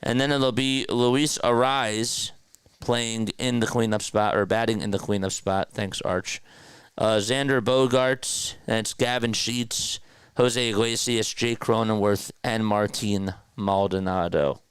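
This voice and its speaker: A man's voice: on the low side, steady tone, takes it slowly, smooth, no echo. A man hosting a casual sports livestream, chatting loosely and reading viewer comments aloud from a home streaming setup. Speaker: play-by-play livestream host. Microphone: podcast mixer setup.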